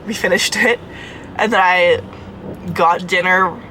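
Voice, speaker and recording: A woman's voice: fairly low pitch, steady tone, slow pace, bright, forceful tone, a little hiss or hum, poor audio. A young woman chatting casually in a vlog, out of breath, rambling with lots of likes and restarts. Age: young adult. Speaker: vlogger.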